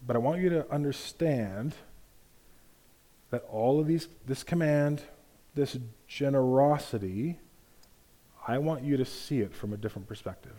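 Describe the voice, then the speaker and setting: A sly male serpent leans in and coaxes in a low, hushed, conspiratorial murmur, as a preacher puts him on. The tone is mellow and dark, never raised. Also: measured pace, long pauses, natural voice.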